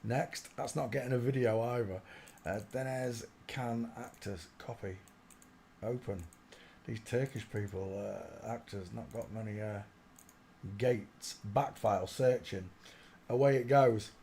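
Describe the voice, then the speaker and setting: A man with an ordinary mid-range voice talks his way through an image search on a casual livestream. He drops to quiet mutters as he clicks around, then jumps into loud, laughing outbursts. A faint background hum runs under the talk. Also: medium pitch, a little slow. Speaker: livestream host.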